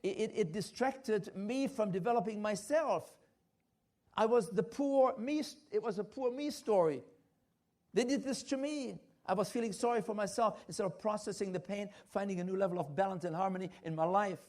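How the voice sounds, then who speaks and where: A man's voice: high voice, normal speed, a little mellow, close to an everyday voice. An older man quoting a bitter, betrayed woman patient in an anguished, obsessive voice. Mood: reflective.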